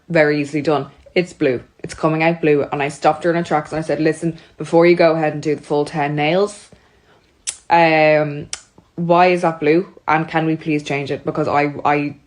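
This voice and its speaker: A woman's voice: low voice, steady tone, normal speed. Exasperated young woman telling a story. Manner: chatty, exasperated, acts out both sides. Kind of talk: storytime monologue.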